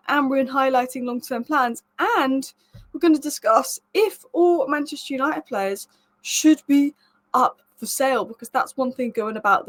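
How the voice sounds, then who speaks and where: A young woman hosting a football news show, talking casually and with strong opinions. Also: a little high. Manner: chatty, emphatic, opinionated. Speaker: football news channel host.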